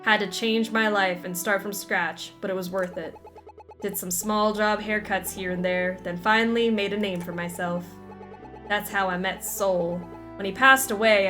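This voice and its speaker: A woman's voice: mid-range voice, bright, forceful tone, voice pushed down, close to an everyday voice. A woman reading the lines of a folksy male barber who is secretly an escaped convict, using drawling, homespun turns of phrase as game dialogue.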